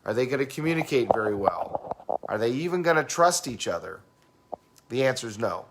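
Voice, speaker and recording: Guy explaining communication styles, casual, does quick and slow voices, asks you questions. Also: mid-range voice, animated. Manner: acts out fast and slow talkers while explaining. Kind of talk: casual teaching talk.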